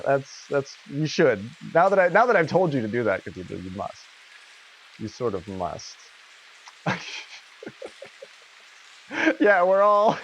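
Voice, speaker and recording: A man's voice: on the high side, dull audio, slight background noise. A man hosting a casual livestream who laughs often and swears freely. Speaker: livestream host.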